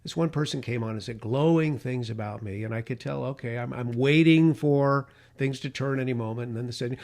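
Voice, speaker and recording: Middle-aged male talk host, passionate podcast monologue, mid-range pitch. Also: brisk, hardly any pauses, darkish tone. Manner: impassioned, emphatic. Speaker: radio talk show host.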